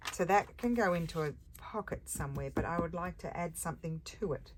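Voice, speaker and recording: A crafting vlogger muses aloud at her table as she narrates a casual session, correcting herself along the way. Her voice is fairly low and brisk, with clear background noise and crafting clicks.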